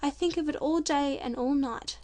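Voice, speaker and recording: A woman's voice: sits high, normal speed, a little mellow, lightly acted. A woman voicing a worried, tender father in a storybook audiobook, speaking earnestly. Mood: troubled.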